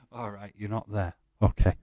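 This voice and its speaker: A man's voice: on the low side, dry recording, dull audio. A man hosting a live stream, chatting casually with his viewers and arguing with them in an exasperated way, laughing often.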